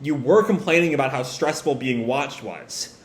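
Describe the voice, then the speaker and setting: A man's voice: mid-range voice, lively intonation, moderate pace, lightly acted. A man voicing a stern adult village leader and father, giving firm commands. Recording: roomy echo.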